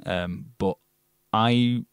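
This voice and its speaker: A man's voice: lowish voice, drawn-out words, clean tone, no room sound. Blunt, sweary British man, dry close sound. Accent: non-RP British. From Britain. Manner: blunt, swears freely, animated storytelling. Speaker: actor guest. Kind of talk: casual interview chat.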